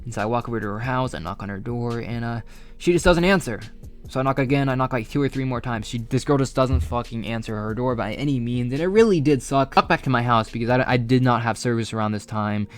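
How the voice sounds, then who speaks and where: Young man, quick rambling storyteller, profane and loose, over faint music. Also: mid-range voice. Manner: rambling, profane, filler-heavy. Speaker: storyteller vlogger. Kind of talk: casual storytime monologue.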